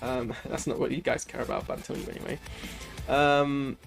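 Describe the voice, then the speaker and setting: A man's voice: mid-range voice, flat delivery, a little fast, vocal fry, soft background music. A man hosting a casual post-watch reaction, rambling loosely with lots of fillers and restarts while he is ill. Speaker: channel host reviewing a show.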